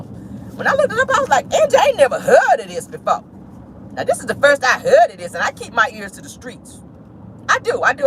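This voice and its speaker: A woman's voice: medium pitch, a little hiss or hum, rough recording. A woman vlogger chatting sassily about celebrity gossip from her car, calling listeners "honey" often. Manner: sassy, animated, says "honey" often. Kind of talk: casual celebrity gossip chat.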